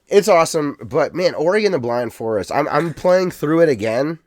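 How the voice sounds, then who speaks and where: Animated casual podcast man, dry sound. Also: fairly high pitch, normal speed, no room sound. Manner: animated, rambling, swears casually. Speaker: podcast co-host. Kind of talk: casual chat.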